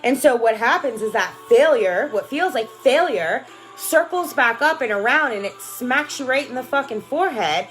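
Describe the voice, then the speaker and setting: This life coach has a fairly high, fairly bright voice with lively intonation and a normal pace, over soft background music. She greets livestream viewers by name while rambling emphatically through casual motivational talk, often saying "right?" and "you know."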